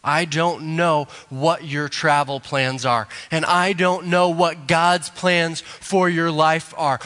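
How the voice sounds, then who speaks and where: A male pastor, preaching a sermon slowly and deliberately, building to emphatic rises. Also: fairly high pitch, fairly even intonation, sharp tone. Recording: long hall reverb.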